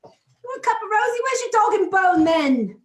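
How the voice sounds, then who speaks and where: A cheery, chatty Londoner in a broad mock Cockney accent, as an American woman puts it on for a laugh. The voice sits high and bouncy. The sound carries a roomy echo. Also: big pitch swings, unhurried, full character voice. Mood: playful. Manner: playful, higher pitched and laughing through it.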